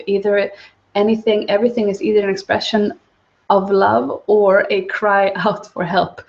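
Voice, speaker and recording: A woman giving a livestreamed spiritual teaching talk, soft-spoken and calm. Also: medium pitch. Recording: dull lo-fi livestream audio.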